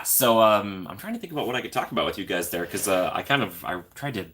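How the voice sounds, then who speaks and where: A man's voice: fairly low pitch, a bit bright. A man hosting a casual live stream who chats with viewers, answers their questions and greets them by name in an upbeat, sing-song way. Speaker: YouTube live stream host.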